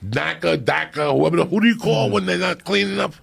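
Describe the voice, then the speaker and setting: A middle-aged man with a gravelly, husky voice telling a profane comic story on a podcast, animated and loud at times, hushed at others. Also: high-pitched, fairly quick.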